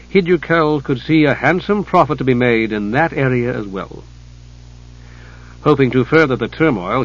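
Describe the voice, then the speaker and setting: A man narrating a myth in a measured, deliberate storybook style. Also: medium pitch, muffled recording.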